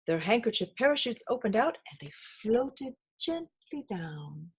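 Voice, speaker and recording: A woman reads a children's picture book aloud, expressive and sing-song like a storyteller. Her voice is fairly high with a breathy edge, and she keeps a measured pace.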